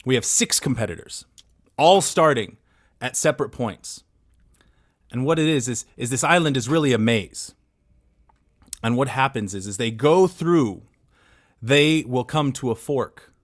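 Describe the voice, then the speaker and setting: A man pitching a game show idea on a comedy podcast, rambling and swearing playfully as he goes. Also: animated, a little slow, pauses often, no room sound, clean studio sound.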